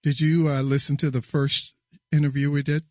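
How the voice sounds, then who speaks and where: A man hosting a podcast interview, relaxed and friendly, laughing often. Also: a little high, moderate pace, no room sound. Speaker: podcast host. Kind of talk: casual interview chat.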